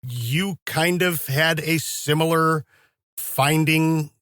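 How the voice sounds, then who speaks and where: A man's voice: on the high side, takes it slowly, a bit bright, no room sound, studio quality. A man hosting a podcast, chatting with eager interest and chuckling along with his guest. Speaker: podcast host. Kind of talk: casual interview chat.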